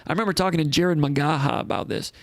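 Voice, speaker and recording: A man's voice: fairly high pitch, fast, gravelly, no room sound. A man hosting a live call-in sports show in a casual, rambling way, reading out comments and thinking aloud.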